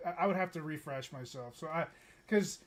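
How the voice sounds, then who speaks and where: This gaming streamer from the United States is a young man whose voice runs a little high and a little fast. He rambles casually as he plays, chuckling and stammering as he restarts sentences.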